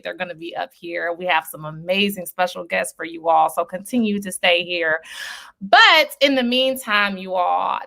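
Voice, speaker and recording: A woman hosting a film screening stream in a chatty, animated way, with many fillers and laughs. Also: lowish voice, vocal fry. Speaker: host. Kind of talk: casual livestream chat.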